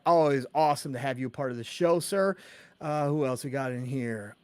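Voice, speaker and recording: A man hosting a casual gaming podcast live stream, talking excitedly and reading out chat names with quick greetings and casual swearing. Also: medium pitch, no echo. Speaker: podcast host.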